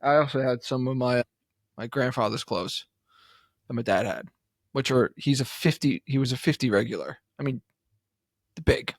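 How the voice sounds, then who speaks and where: A man's voice: medium pitch, moderate pace, long pauses, dry recording. Guy on a podcast telling stories, does the voices, laughs a lot, dry close sound. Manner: animated storyteller, acts out voices, laughs often. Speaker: podcast co-host. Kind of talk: casual chat.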